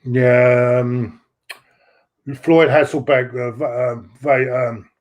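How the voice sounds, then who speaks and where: A man's voice: mid-range voice, fairly even intonation, slow pace. A man co-hosting a fan livestream, talking bluntly and swearing freely in casual chat. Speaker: co-host.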